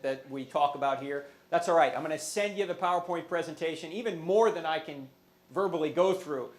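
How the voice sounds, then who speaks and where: High-voiced man giving a joking lecture. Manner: humorous, asks the audience questions. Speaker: guest speaker. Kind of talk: lively apologetics lecture to a live audience.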